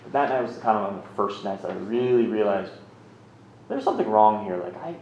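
A man's voice: lowish voice, sing-song, fairly quick, gravelly, darkish tone, slight background noise. A man in his thirties telling his own recovery story in a candid, rambling, self-mocking way. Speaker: speaker sharing a recovery story. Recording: roomy, slightly muffled recording.

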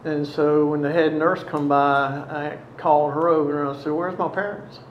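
A man telling his own story, slowly and haltingly, with many pauses. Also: on the high side, little pitch movement, reverberant, muffled recording, slight background noise. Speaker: storyteller recounting past addiction. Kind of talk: personal testimony.

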